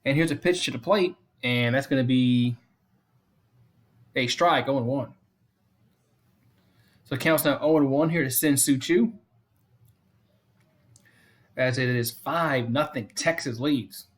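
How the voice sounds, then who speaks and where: A man hosting a fan live stream, giving casual play-by-play commentary, repeating the count and score often and chatting to viewers between pitches. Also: slow, long pauses.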